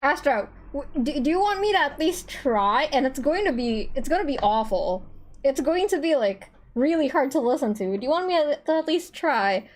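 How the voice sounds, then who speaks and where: A woman streaming a story game, chatting casually, excitable and stammering through restarts. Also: high voice, moderate pace. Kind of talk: casual let's-play chat.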